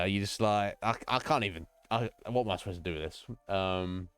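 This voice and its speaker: A man streaming a game, chatting casually in a rambling, halting way and often laughing. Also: on the low side, animated, soft background music.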